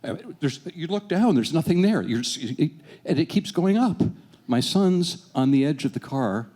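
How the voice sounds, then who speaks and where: A man in his sixties telling a personal story on stage, animated, self-deprecating and swearing freely. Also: on the high side, moderate pace. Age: 60s.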